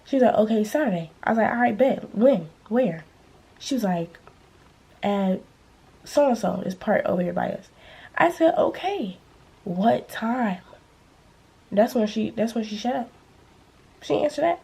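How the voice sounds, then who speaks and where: Young woman vlogger, mellow husky voice, lively slangy storytelling. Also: fairly high pitch, unhurried, long pauses. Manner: animated, slangy storytelling, acting out quotes. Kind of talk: storytime vlog.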